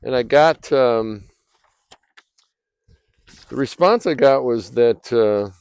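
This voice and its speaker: A man telling a personal story in a rambling, casual way, clearing his throat often, recorded outdoors by a fire. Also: mid-range voice, slow pace, a little mellow, no room sound. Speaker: vlogger.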